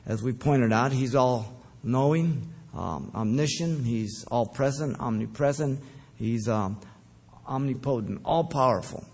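A man preaching verse by verse, deliberate and emphatic, with occasional fillers. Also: mid-range voice, creaky, darkish tone. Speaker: pastor. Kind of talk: verse-by-verse Bible teaching.

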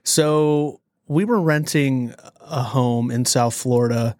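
A man co-hosting a podcast, telling a story in a lively, dramatic way. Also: mid-range voice, dry recording, clean studio sound. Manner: animated storyteller, dramatic pauses. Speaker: podcast co-host. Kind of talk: casual storytelling chat.

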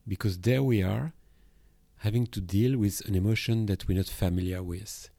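A Belgian man with a French accent talks through a solo podcast as a therapist, thoughtful and a little halting. His voice sits low and mellow. The sound is close and dry, with no room around it. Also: vocal fry, no room sound. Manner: reflective, with hesitations and restarts. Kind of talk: podcast monologue on emotions.

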